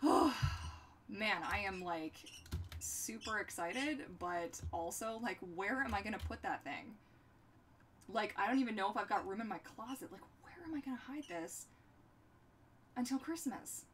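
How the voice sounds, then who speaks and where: A woman's voice: mid-range voice, expressive, moderate pace, a bit bright, recorded from a distance, slight background noise. A young woman hosting a livestream, chatting in a bubbly, goofy way and talking to her pets. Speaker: livestream host. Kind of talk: casual chat while crafting on a livestream.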